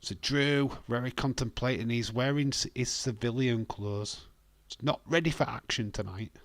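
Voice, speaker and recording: A man's voice: mid-range voice, moderate pace, no room sound. A British man hosting a live watch-along, giving casual, blunt commentary and swearing freely. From Britain.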